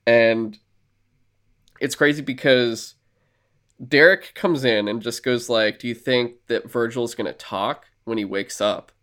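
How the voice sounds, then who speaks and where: A man talks through a film's story in relaxed podcast conversation, his voice sitting at an ordinary middle pitch. He rambles, swears freely and keeps slipping into the characters' dialogue as he retells it. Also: measured pace. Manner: rambling, profane, acts out characters' lines. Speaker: podcast co-host. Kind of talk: casual film recap chat.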